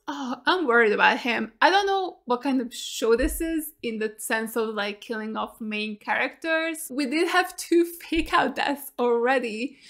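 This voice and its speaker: High-voiced excitable woman reacting. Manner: excitable, swears freely, emotional. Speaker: reaction video host. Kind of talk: casual reaction commentary.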